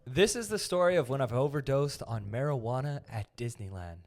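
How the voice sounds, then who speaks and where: A young man hosting a podcast, chatting casually and telling a story with animated energy. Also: medium pitch, brisk. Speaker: podcast host.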